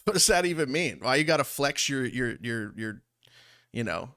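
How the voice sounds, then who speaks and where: A young man from Long Island, New York, streams heated commentary over a played livestream, indignant, rambling, and repeating himself. His medium-pitched voice swings widely in pitch, sounds pushed and bright, and moves at normal speed.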